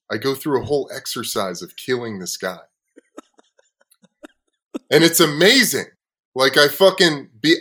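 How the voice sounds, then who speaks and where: A man hosting a podcast, telling a story in a casual, profane way with frequent laughs, sometimes dropping low and quiet. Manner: swears freely, laughs often. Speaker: podcast host.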